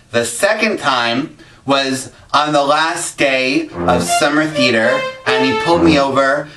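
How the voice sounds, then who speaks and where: A man hosting a web series, telling self-deprecating comic stories full of pop culture jokes. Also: medium pitch. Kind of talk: comic monologue. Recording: echoey room, distant mic, music underneath.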